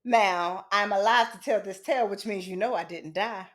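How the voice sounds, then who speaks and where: A woman's voice: medium pitch, normal speed, fairly bright tone. A woman host telling a candid personal story from her childhood, casual and frank, with some swearing. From United States. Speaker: podcast host.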